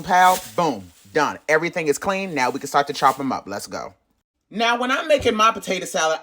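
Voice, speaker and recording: Lively emphatic man teaching his recipe. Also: a little high. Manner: lively, emphatic, talks straight to viewers. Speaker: cooking channel host. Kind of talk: casual cooking tutorial.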